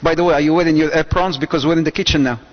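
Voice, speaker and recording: A male preacher with a fairly high voice gives an animated lecture. He acts out little scenes and raises his voice suddenly. It is a muffled recording with long echo from a big hall. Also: rapid-fire. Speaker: Islamic preacher. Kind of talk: lecture to an audience.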